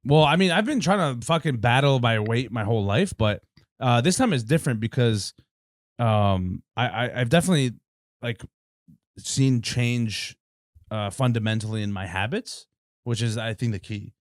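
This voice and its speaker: Brief: male comedian guest, loose and swearing, lively rise and fall, dry close sound. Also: mid-range voice, moderate pace, dry recording. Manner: profane, laid-back, laughs often. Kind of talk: casual podcast chat.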